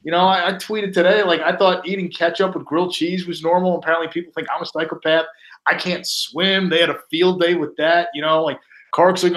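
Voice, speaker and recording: Brief: male broadcaster guest, slightly high voice, lively anecdote teller who mimics coworkers in quotes. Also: a little fast. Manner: animated anecdotes, acting out quoted colleagues. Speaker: guest sportscaster. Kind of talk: casual podcast storytelling.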